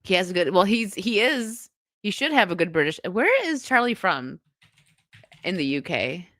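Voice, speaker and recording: A woman's voice: fairly low pitch, lively intonation, moderate pace, a bit bright, no room sound. A woman streamer who is sick, giving casual, rambling live commentary and laughing often. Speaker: streamer host.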